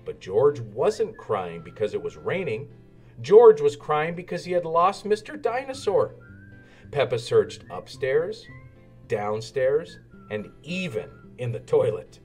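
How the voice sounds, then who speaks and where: Male storybook narrator, lively and sing-song, faint music behind. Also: mid-range voice. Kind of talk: children's storybook read-aloud.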